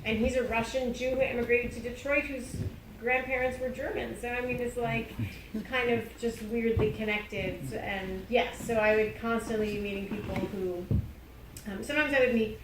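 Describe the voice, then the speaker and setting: A woman's voice: fairly high pitch, steady tone, moderate pace. A woman telling stories on a theater panel, chatty, quoting people in dialogue and laughing often. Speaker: playwright on a panel. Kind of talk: casual panel discussion. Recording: roomy, distant mic with noise.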